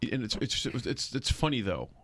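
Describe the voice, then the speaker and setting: A man co-hosting a casual podcast chat, telling stories with lively acted-out quotes and frequent swearing. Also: mid-range voice, moderate pace, slight background noise. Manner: animated storyteller, acts out quotes, swears. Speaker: podcast co-host.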